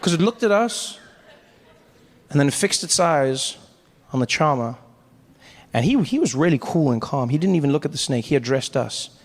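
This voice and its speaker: Man, stand-up comedian, animated storyteller, high voice. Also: moderate pace, long pauses, in a large hall.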